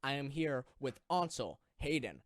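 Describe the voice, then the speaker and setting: A teenage boy hosting a casual podcast with friends, teasing with quick questions. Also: mid-range voice, sing-song, dry recording, studio quality. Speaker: podcast host. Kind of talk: casual chat.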